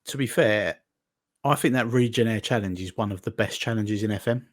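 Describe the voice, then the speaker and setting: A man, co-hosting a chatty podcast in a teasing, bantering way. His voice sits a little low and sounds dry and close, with no room around it. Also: a little fast, no room sound. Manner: bantering, reads aloud with laughs. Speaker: podcast co-host. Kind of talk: casual chat.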